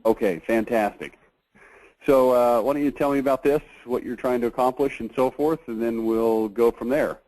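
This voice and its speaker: A man hosting a casual conference call, chatty and halting, with many fillers. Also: medium pitch, a little mellow, low-quality recording. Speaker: host of a marketing review call.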